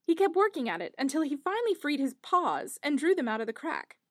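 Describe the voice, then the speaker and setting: Brief: woman storyteller, high and very animated, dry close sound. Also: a little fast, no echo. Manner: expressive, lively storytelling. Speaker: narrator. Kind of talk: storybook narration.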